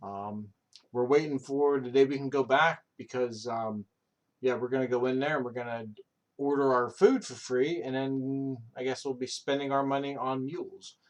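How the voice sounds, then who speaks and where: A man in his thirties chats casually on a stream, speaking at normal speed in a steady, mid-range voice. His storytelling rambles, is full of ums, and is freely profane.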